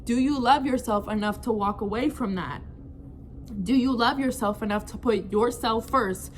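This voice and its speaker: A young woman telling a frank, animated storytime to her viewers, full of slang and "like". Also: fairly high pitch, moderate pace, a little hiss or hum. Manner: animated, frank, slangy, many fillers like "like" and "bro". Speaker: vlogger. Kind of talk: casual storytime chat.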